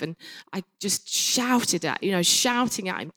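A woman with a lowish voice shares her personal testimony from the front of a church. She speaks earnestly and candidly, letting her sentences trail away softly before picking up again. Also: slow.

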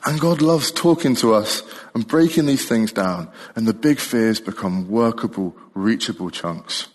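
A man's voice: medium pitch, a little slow, few pauses, in a large hall. A young man preaching a sermon in a casual, chatty way, often laughing as he talks. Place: church.

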